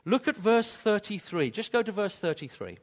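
Male preacher, higher-pitched, very animated delivery, emphatic with jokey asides. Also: normal speed. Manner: emphatic, repetitive, builds to exclamations; joking asides. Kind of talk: sermon.

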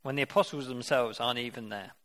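A male preacher delivers an interactive sermon. He reads a scripture passage, then turns to his listeners with direct questions. His voice sits at a middle pitch for a man. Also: quick pace, a bit bright.

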